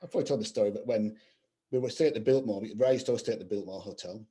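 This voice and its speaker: A middle-aged video game composer from England is a guest in a casual chat, rambling through anecdotes full of "you know" fillers. His voice is fairly low and mellow, and he talks at a racing pace.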